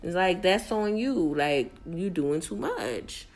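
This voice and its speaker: A woman's voice: lowish voice, animated, slow pace, darkish tone. Blunt, slangy woman ranting. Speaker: reality TV recap vlogger. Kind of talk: casual ranting recap.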